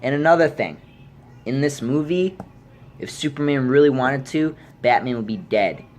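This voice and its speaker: A man's voice: lively intonation, moderate pace, a little hiss or hum. Fired-up man ranting with profanity. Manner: heated and profane, voice jumping into high yells. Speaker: YouTube vlogger. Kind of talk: angry movie rant.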